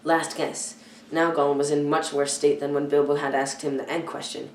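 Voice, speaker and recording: A teenage girl reading a children's novel aloud, careful and halting, often stumbling and correcting herself. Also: deep voice, level tone, a little hiss or hum. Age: teens. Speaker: youth reader. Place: church hall. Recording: echoey room, far from the mic.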